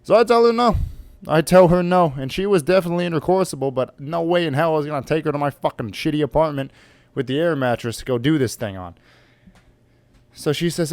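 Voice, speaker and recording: A man's voice: a little high, quick pace, darkish tone, no room sound. Blunt, profane young man telling a story. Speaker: vlogger telling a personal story. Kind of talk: casual storytime monologue.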